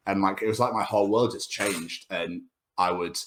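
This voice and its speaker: A British man in his thirties trades school stories as a guest on a casual podcast, laughing often and swearing freely. He has a deep voice with a steady, fairly bright tone and a moderate pace. There's a little hiss or hum in the background.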